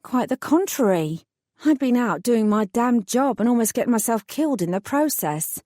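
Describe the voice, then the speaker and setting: A woman reading a first-person fantasy audiobook in a wry, measured storytelling manner. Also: a little high, lively intonation, warm tone, no echo, studio quality. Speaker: audiobook narrator.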